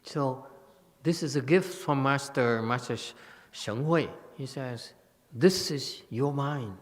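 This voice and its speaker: A man with a Vietnamese-accented English giving a Buddhist retreat lecture, halting and repeating words, often checking with "okay?". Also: medium pitch. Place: temple hall. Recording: long reverb of a hall.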